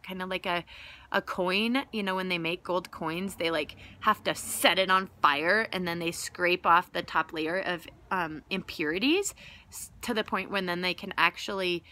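A woman's voice: fairly low pitch, a little slow, bright, forceful tone. A young woman giving a casual, earnest devotional talk, conversational and full of "like" fillers. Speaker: Bible teacher and vlogger.

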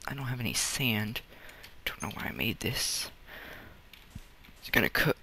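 A man's voice: mid-range voice, very animated, measured pace, vocal fry, long pauses, sharp tone, slight background noise. A young man giving playful let's play commentary, talking to himself with sing-song noises. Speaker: gamer.

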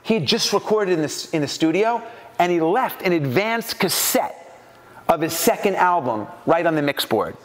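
A man from New York giving an animated storytelling talk at a business mastermind and acting out the voices in his anecdotes. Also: high voice, normal speed, in a large hall. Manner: animated, acts out quoted voices.

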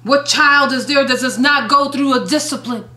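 A woman's voice: sits high, moderate pace, sharp tone, echoey room. A woman evangelist delivering a fiery sermon, emphatic and swooping, with strong rises and sudden drops in force. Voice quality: emphatic, swooping preacher cadence.

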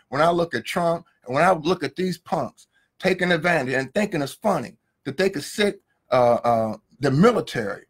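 A man's voice: high voice, a bit bright. Fiery, profane man ranting on a livestream. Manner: profane, fiery, preachy, rhetorical questions, repeats words. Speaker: law professor. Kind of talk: heated live-stream rant. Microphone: phone or webcam, live video feed.

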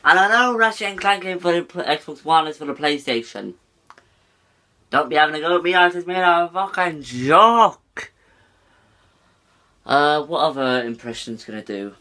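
A man's voice: medium pitch, pushed and bright. A young man chatting casually for a vlog, rambling and swearing often. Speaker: YouTuber.

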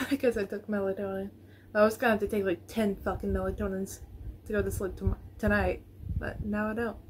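A woman's voice: mid-range voice, a little hiss or hum. A woman vlogger chatting to viewers in a casual reaction video, nervous and rambling, recorded on her phone.

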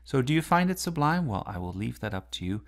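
A man's voice: mid-range voice, big pitch swings, quick pace. A man teaching literature, explaining a poem line by line and asking the listener rhetorical questions.

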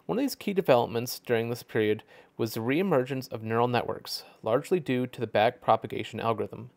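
Guy lecturing on history, measured pace, keeps fixing his words, middle-pitched voice. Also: gravelly, a little mellow. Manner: measured, with frequent restarts and self-corrections. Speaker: educator. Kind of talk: lecture narration.

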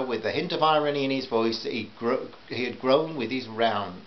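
A man's voice: mid-range voice, moderate pace, hardly any pauses. A man reading a humorous short story aloud in a dry, wry manner. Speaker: narrator. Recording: dull lo-fi home recording with hiss.

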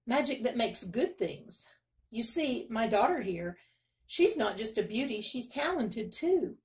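Woman putting on a big-bellied miller, blustering, flustered, high and loud, storybook. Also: big pitch swings. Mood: nervous wheedling. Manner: eager, fast-talking, flustered. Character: blustering fat male miller, nervous liar.

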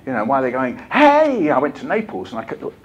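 An older man giving a lively, jokey storytelling talk to a hall of teachers, acting out bits as he goes. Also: mid-range voice, racing, a little hiss or hum. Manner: lively, jokey, acts out voices and poems. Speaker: children's author giving a talk. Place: conference hall.

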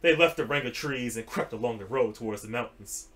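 A man's voice: medium pitch, a little fast, fairly bright tone. A young man casually reading a fantasy novel aloud to a friend, playfully hamming up the dramatic lines.

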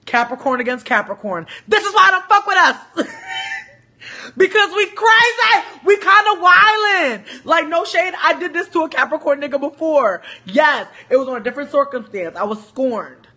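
A woman telling a story on a casual livestream, animated, joking and profane. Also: sits high, moderate pace. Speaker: livestream host.

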